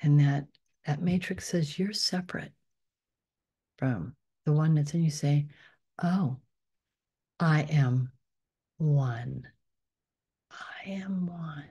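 Low gravelly lady leading a meditation, soft and slow, slips into whispers a lot. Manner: soft, unhurried, often drops to a whisper on affirmations. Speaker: spiritual teacher. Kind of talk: guided meditation.

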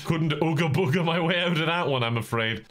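A man's voice: on the high side, fairly quick, a bit bright. Laughing man narrating his gameplay. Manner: self-mocking, laughs often. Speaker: gaming video host. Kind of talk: gameplay commentary.

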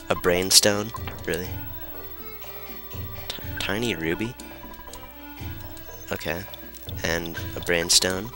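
Low-voiced, bright-toned man playing through a game. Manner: irreverent, joking, swears freely; talks somewhat hushed. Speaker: gamer. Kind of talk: casual let's play commentary. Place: room at home.

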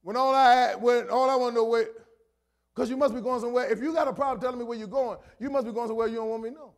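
Middle-aged male pastor with a very high voice, conversational sermon that repeats lines and rises to shouts. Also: steady tone, rapid-fire. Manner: preaches conversationally, repeating phrases for emphasis; builds to shouted emphasis.

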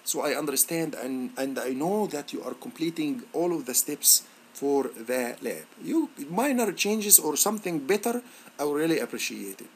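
A male instructor walking students through a software lab on screen, halting and encouraging, with many fillers and restarts. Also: on the high side, sing-song, slight background noise. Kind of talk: screen-recorded software tutorial.

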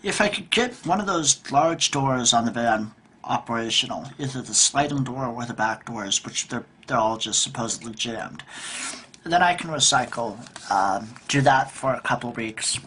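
A man's voice: medium pitch, expressive, moderate pace, sharp tone, a little hiss or hum. A man in his thirties ranting in a frustrated, profane vlog monologue at home, rambling with restarts. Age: 30s. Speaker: vlogger. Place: at home by a table.

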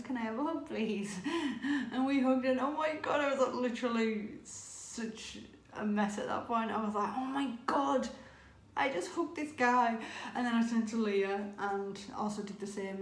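A woman telling a story excitedly in a casual vlog, with lots of "oh my God" and laughter. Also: mid-range voice, roomy sound. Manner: excitable, breathless retelling with frequent "oh my God" and laughs. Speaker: vlogger.

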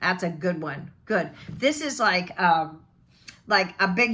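A woman from the western United States with a General American accent, teaching a pronunciation lesson and drilling sounds slowly and deliberately. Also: mid-range voice, expressive, a bit bright. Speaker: accent coach.

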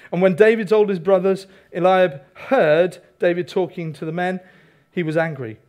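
Male preacher, high voice, animated sermon delivery with congregation asides. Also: moderate pace, hardly any pauses. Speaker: pastor.

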